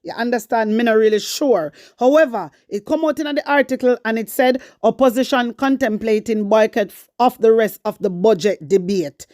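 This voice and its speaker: A woman's voice: fairly high pitch, normal speed, a little mellow, no echo, clean studio sound. Fiery Jamaican woman ranting to viewers. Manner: fiery, preachy, repeats questions to viewers. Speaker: political commentary channel host. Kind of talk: casual political rant.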